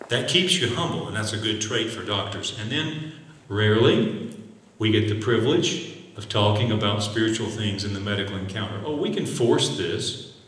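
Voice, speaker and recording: Man, physician lecture, earnest and urging, fairly low voice, long reverb, distant mic. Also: fairly bright tone. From United States. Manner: earnest, exhortative, with acted doctor-patient examples. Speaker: physician giving a talk. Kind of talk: lecture to medical students. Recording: echoey hall from far off.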